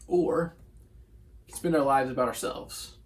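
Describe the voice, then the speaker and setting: A man's voice: medium pitch, a little slow. A male pastor giving a short devotional sermon in an earnest, conversational way, reading scripture and voicing quotes.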